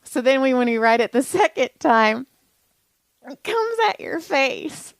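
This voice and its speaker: A woman's voice: high voice, big pitch swings, measured pace, dry recording, rough recording. A woman in her thirties co-hosting a podcast, telling a family story in casual chat, laughing often and acting out the voices of the people she quotes. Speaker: podcast co-host.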